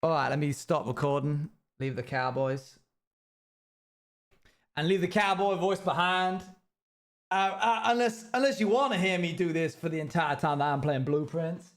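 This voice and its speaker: A man's voice: fairly high pitch, normal speed. A British man chatting loosely to his live-stream audience while gaming, rambling and self-mocking.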